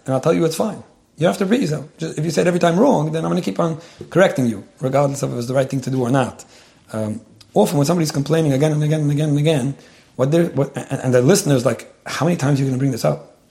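A man's voice: fairly high pitch, rapid-fire, gravelly, mellow. A man giving earnest, conversational marriage advice to a couple.

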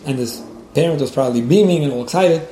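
Guy giving a parenting class, talks fast, mellow voice, echoey room with a little hiss. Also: fairly high pitch. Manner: fast, repeats words, many restarts. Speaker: rabbi and teacher on child education. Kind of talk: lecture with storytelling.

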